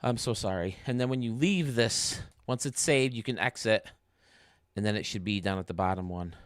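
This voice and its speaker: A man's voice: on the low side, moderate pace, dry recording. A man hosting a casual livestream from home, chatting as he explains game menus step by step. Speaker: YouTube gaming streamer.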